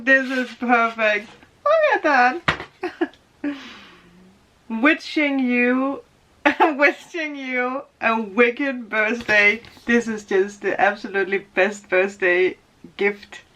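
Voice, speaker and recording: Woman opening presents, bright voice, slow talker, giggles a lot, bit of faint hiss. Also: on the high side. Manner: giggly, gushing, laughs often. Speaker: tarot vlogger. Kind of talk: casual unboxing vlog.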